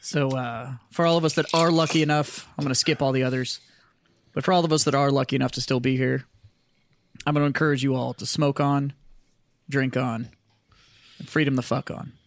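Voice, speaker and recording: A man's voice: mid-range voice, fairly even intonation, brisk, long pauses, no echo. Earnest male podcast host. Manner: earnest, wraps up with a toast. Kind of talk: casual podcast chat.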